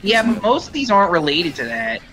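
Brief: man, slightly high voice, relaxed side comments, music underneath. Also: a little fast, rough recording. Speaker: co-viewer. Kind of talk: casual chat. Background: game music.

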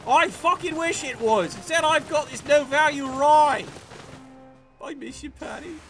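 A man commentating a tabletop-style video game match casually, excitable and profane, stammering when worked up. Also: extremely high pitch, a little slow, faint music behind.

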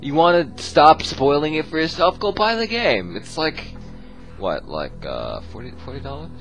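A man's voice: fairly high pitch, very animated, moderate pace, a bit bright. A young man recording a let's play, rambling goofily and talking straight to his viewers. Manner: goofy, rambling, talks to viewers. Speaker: gaming video host. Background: game music.

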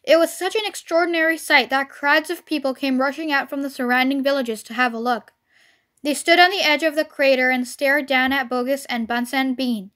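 A woman's voice: high voice, fairly even intonation, a little fast, fairly bright tone. A woman reading a children's storybook aloud expressively, as a storyteller.

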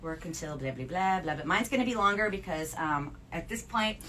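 Southern woman, middle-aged, podcast co-host; animated, chatty storyteller; light background hiss. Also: on the low side, brisk. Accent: Southern American. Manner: bubbly, animated storyteller with laughs. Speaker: podcast co-host, Spanish professor. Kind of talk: casual chat while knitting. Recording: faint background noise.

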